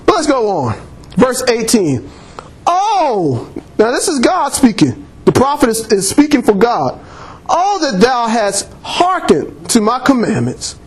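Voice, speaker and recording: A man's voice: extremely high pitch, huge pitch swings, a little slow. A man preaching a sermon in church, reading scripture and calling on the congregation for amens, laughing often.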